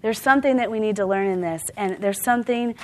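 A woman's voice: medium pitch, quick pace, darkish tone. A woman preaching a sermon in a church, speaking conversationally with rhetorical questions and bursts of laughter.

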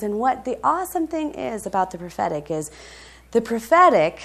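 A woman preaching a sermon and telling a personal story, moving from emphatic highs to soft, quiet stretches, with frequent laughs between phrases. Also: big pitch swings, moderate pace, creaky.

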